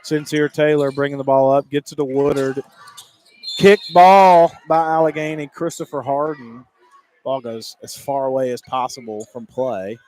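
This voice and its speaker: A man calling high school basketball play-by-play, rapid and excitable, climbing higher on big plays. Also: a little hiss or hum. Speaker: play-by-play announcer.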